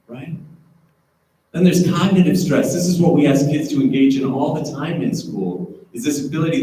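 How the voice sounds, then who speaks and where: A man with a slightly higher-pitched voice gives a friendly, conversational workshop talk to parents in a school auditorium. He keeps checking in with the room as he goes. The sound is very echoey and picked up from far away, with a faint hum underneath. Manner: relaxed, often checks in with the audience with "right?". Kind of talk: conversational lecture to an audience.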